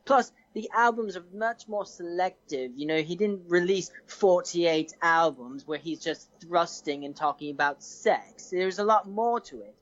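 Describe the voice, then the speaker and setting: A woman's voice: fairly low pitch, expressive, measured pace, few pauses, dry recording. A woman putting on an English accent, debating in a hesitant, mock-indignant way. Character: put-on posh English accent. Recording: dull lo-fi dry sound.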